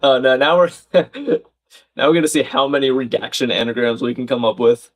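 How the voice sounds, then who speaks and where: A man's voice: mid-range voice, fairly even intonation, moderate pace. A man hosting a live crossword stream, thinking aloud, reading out viewers' chat comments and laughing often.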